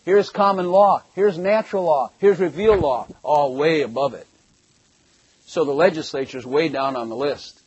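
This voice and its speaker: Older male preacher, husky and fairly high, rambling and emphatic Bible teaching, dry close sound. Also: dry recording, poor audio. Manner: rambling, emphatic, rises to loud bursts when excited. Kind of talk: conversational sermon, reading scripture.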